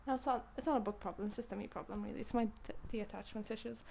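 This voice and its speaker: A woman's voice: medium pitch, quick pace, creaky, warm tone, slight background noise. A young woman with a British-sounding accent reviewing books in a rambling, playful chat that keeps cutting itself off. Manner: rambling, self-interrupting, playful. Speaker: book reviewer. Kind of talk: casual chat.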